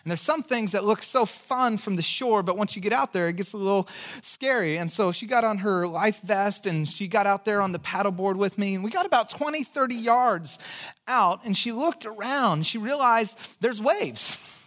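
High-voiced pastor preaching a sermon. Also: male voice, animated, normal speed, a bit bright. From California, United States. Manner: earnest, storytelling, with dry jokes.

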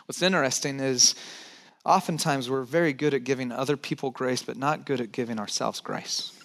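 A man preaching a sermon in a dynamic, conversational way, dropping to soft near-whispers and rising to emphatic points, with joking asides. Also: mid-range voice, normal speed, vocal fry. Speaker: pastor.

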